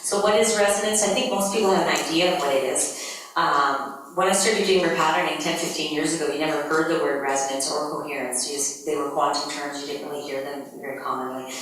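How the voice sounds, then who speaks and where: A woman with a low, brisk, slightly bright voice runs a group energy workshop, speaking to a large crowd in an upbeat, chatty style. She's recorded from a distance in a large, echoey conference hall, with a little background noise.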